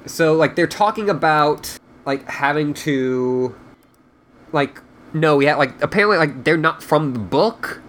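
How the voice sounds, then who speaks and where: A male podcast host with a somewhat high, slightly bright voice reads a story aloud at a measured pace, then drifts into loose chat. His intonation is lively, and his talk is heavy with fillers, especially "like."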